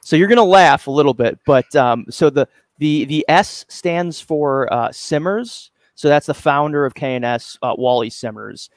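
A man guesting on a podcast as a company representative, relaxed and modest, with some hesitant fillers. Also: on the high side, normal speed, few pauses, no echo. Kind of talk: casual interview chat.

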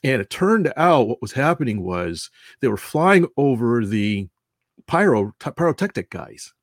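A man's voice: medium pitch, big pitch swings, unhurried, dry recording, studio quality. Man telling a rambling story. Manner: rambling, self-correcting, chuckling. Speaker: announcer at a model airplane show. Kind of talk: casual storytelling.

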